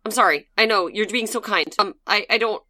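Woman, tabletop player, apologetic, quick, bright tone. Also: mid-range voice, dry recording. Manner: quick, apologetic, many yeahs. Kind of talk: tabletop role-play chat.

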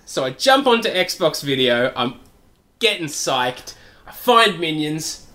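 Lively, rambling male podcast host. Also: on the high side, slow pace. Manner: rambling storyteller, laughs, swears freely. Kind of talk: casual comedic chat.

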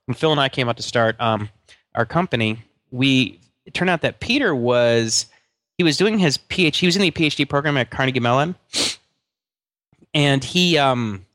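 A man's voice: mid-range voice, moderate pace, fairly bright tone, no room sound, clean studio sound. A middle-aged man co-hosting a podcast in casual chat, rambling with many restarts and fillers. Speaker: podcast co-host.

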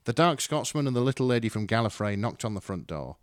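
A man's voice: medium pitch, sing-song, quick pace, no echo, studio quality. A man reading a fan story aloud with dramatic, wry narration. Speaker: story reader. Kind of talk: expressive fan fiction reading.

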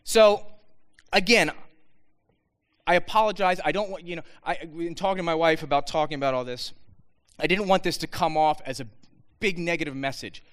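A man giving an earnest, animated talk to students, with frequent restarts. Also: on the high side, moderate pace, pauses often. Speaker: speaker addressing students.

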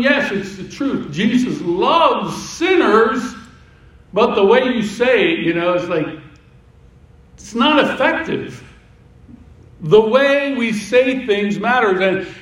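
A man's voice: high-pitched, animated, slow pace, a bit bright. A man preaching a sermon as pastor, in a conversational way with repetitions and asides. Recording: echoey room, voice from a distance.

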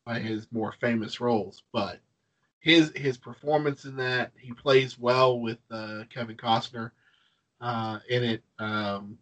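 A man's voice: medium pitch, fairly even intonation, takes it slowly, fairly bright tone, poor audio. A man co-hosting a casual film podcast, retelling favorite scenes enthusiastically, with frequent restarts. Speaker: podcast co-host. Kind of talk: casual film-discussion chat.

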